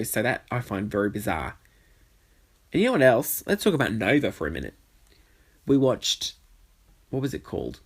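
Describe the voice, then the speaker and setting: A man hosting a casual solo podcast, rambling through tangents with plenty of swearing. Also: mid-range voice. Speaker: podcast host, drag performer. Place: bedroom.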